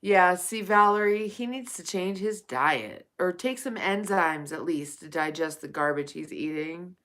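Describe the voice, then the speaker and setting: A woman's voice: lowish voice, a little slow, a bit bright. A woman live streaming at night, chatting casually with viewers and calling them honey and darling.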